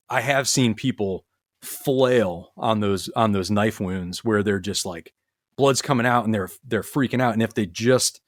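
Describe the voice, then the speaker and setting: A man with a lowish voice talks casually on a podcast. He tells stories in an earnest, rambling way, full of restarts and fillers. The sound is close and dry, with no room around it. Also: no room sound. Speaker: podcast guest, retired military medic. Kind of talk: casual conversational storytelling.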